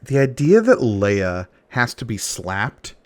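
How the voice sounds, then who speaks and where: Low-voiced thoughtful male podcast co-host. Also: very animated, takes it slowly. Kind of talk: casual podcast chat about comics.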